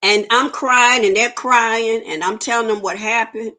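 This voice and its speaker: A woman's voice: on the high side, steady tone, unhurried, pushed and bright. A woman, giving an earnest personal testimony in an interview and acting out the dialogue she quotes. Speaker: interview guest.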